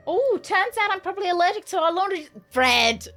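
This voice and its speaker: A woman's voice: extremely high pitch, lively intonation, fairly quick, fairly bright tone, faint music behind. A woman streaming a mystery game, thinking aloud, repeating herself and swearing casually. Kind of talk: casual live-stream commentary.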